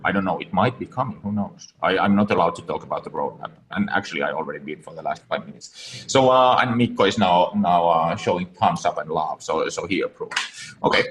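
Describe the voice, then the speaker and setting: A man co-hosting a webinar, chatty and self-deprecating, with halting restarts. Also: sits low, a bit bright, poor audio. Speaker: webinar co-host. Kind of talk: casual webinar talk.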